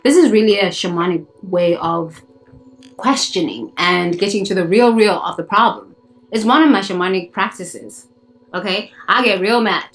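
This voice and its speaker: A woman's voice: medium pitch, normal speed, poor audio. A woman from Africa, a spiritual coach preaching bluntly and emphatically to her phone camera outdoors in the sun, repeating herself for effect. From South Africa. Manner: emphatic, blunt and fiery, with swearing and repetition. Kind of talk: preachy self-help monologue to camera.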